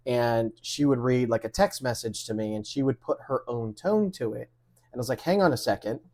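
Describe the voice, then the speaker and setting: A man hosting a casual interview show, chatty and quick to laugh, telling stories from home. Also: mid-range voice, darkish tone. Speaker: podcast host.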